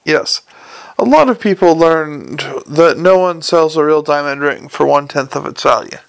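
Man reading as a cheeky ex-crook, flippant, quick-witted, a bit gravelly. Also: fairly high pitch. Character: cheeky male reformed con man.

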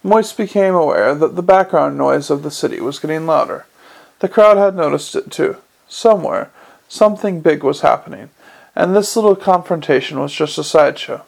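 Gravelly man reading a novel aloud. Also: fairly high pitch, normal speed. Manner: unpolished, with slips and restarts. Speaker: narrator.

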